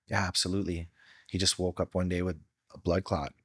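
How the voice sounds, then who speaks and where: A man's voice: low-pitched, flat delivery, a little fast, a bit bright, dry recording, clean studio sound. A middle-aged man from Hawaii, a podcast guest telling personal stories in an earnest, heartfelt way with casual slang. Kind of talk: candid storytelling.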